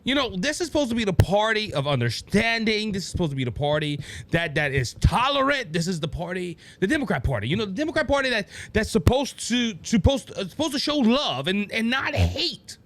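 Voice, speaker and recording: A man with a Cajun accent hosting his own political podcast, talking in a rambling, animated way with many restarts and asides to "ladies and gentlemen.". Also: sits high, a little fast, hardly any pauses. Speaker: podcast host. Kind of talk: solo political commentary.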